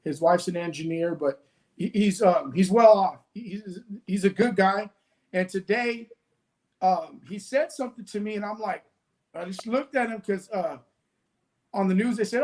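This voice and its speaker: A man's voice: sits high, normal speed, poor audio. A man co-hosting a casual political chat, telling stories with plenty of animation. He acts out the other people in his stories as he goes along. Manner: animated storytelling, acts out quoted dialogue.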